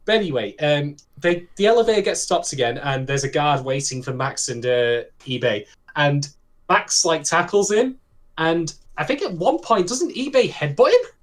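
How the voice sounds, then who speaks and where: A man co-hosting a casual podcast, recapping anime with a swinging, lively pitch. He swears freely and keeps breaking into laughter as he talks. Keyboard clicks can be heard in the background. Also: moderate pace. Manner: chatty, swears, laughs a lot while recapping. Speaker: podcast co-host.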